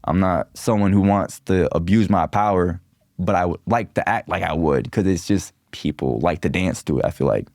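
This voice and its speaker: A young man from Minneapolis, a rapper guest on a podcast, talking in a relaxed, rambling way full of "like" and slang. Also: low voice, moderate pace, no echo, studio quality. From Minneapolis, USA. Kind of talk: casual podcast interview.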